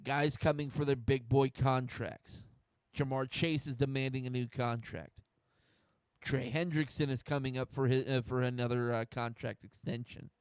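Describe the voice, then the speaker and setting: A man's voice: mid-range voice, level tone, normal speed, clean tone, no room sound, studio quality. A young man from the United States hosting a solo sports talk stream, getting fired up, swearing and restarting his sentences. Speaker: host.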